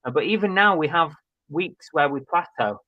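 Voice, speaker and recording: A man's voice: a little high, animated, moderate pace, no room sound. A man co-hosting a live chat show, reading out viewer comments in a chatty, laid-back way with plenty of fillers. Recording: dry, slightly dull stream audio.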